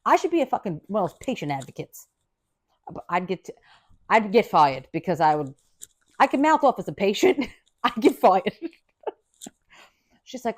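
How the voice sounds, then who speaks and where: A woman's voice: on the high side, moderate pace, long pauses. A woman hosting a podcast, telling a story in a casual, profane way and acting out the people in it. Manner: animated, profane, acts out quoted dialogue. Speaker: podcast host.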